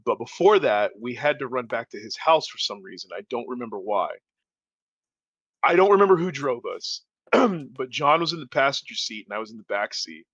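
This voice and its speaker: Lively male podcast storyteller, very expressive pitch, dry, slightly dull mic. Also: normal speed, dry recording. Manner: animated, laughing, acts out voices. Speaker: podcast co-host. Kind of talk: casual storytelling.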